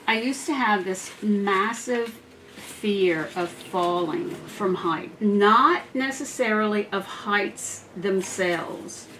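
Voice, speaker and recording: A woman's voice: mid-range voice, takes it slowly, sharp tone, far from the mic, slight background noise. Chatty woman crafting and telling stories. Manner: chatty, laughs often, talks while working. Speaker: crafter making a wreath. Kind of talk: casual craft vlog with storytelling.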